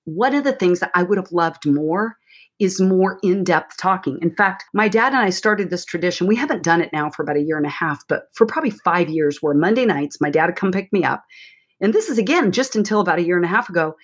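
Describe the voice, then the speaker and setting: Brief: woman therapist, husky voice, lively coaching chat on a podcast. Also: lowish voice, brisk. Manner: chatty, animated, coaching tone. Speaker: therapist and author, guest. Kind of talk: advice-giving podcast interview. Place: Portland, Oregon.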